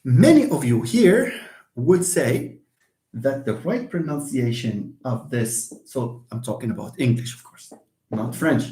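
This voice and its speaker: Animated man giving a linguistics lecture. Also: mid-range voice, measured pace. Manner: animated, acts out examples, many fillers and restarts. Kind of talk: university lecture.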